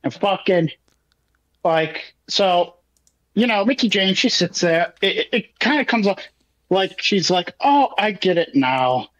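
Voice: medium pitch, a little slow, fairly bright tone, low-quality recording. A podcast co-host recapping a show in casual chat, with profane play-by-play and acted-out asides.

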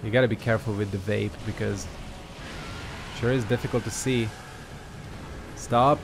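A man's voice: fairly low pitch, fairly even intonation, a little fast, gravelly, background noise. A man giving casual gameplay commentary as a gaming YouTuber, sarcastic and swearing through frustrated outbursts.

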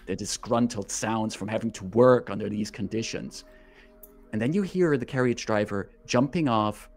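A man as game master, narrating a tabletop game with vivid, unhurried scene-setting description. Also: mid-range voice.

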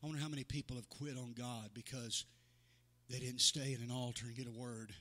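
A man's voice: mid-range voice, steady tone, fairly quick, bright, forceful tone, in a large hall. A male pastor preaching a sermon to his congregation. He builds in fervor, acts out the voices of the people in his stories and calls to members by name. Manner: preaching with rising fervor, acting out quoted voices. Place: church sanctuary.

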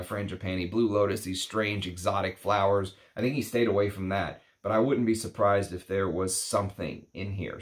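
A man talking through a fragrance review in a casual, rambling way with lots of fillers and asides. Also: deep voice. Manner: rambling, chatty, many fillers.

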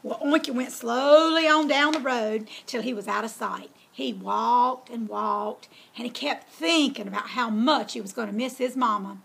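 A woman's voice: on the high side, moderate pace, vocal fry, few pauses, fairly bright tone, slight background noise. A woman reading a children's story aloud in a folksy, drawling way.

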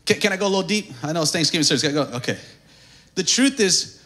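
High-voiced impassioned male preacher. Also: sing-song, fast talker. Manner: impassioned preaching, swinging from hushed to shouted and sing-song. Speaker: pastor. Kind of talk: sermon. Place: church service.

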